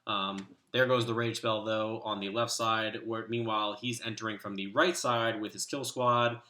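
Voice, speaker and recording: A man leading a clan, giving relaxed, rambling commentary with lots of fillers. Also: lowish voice, moderate pace, echoey room. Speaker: clan leader and video host. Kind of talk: casual game commentary.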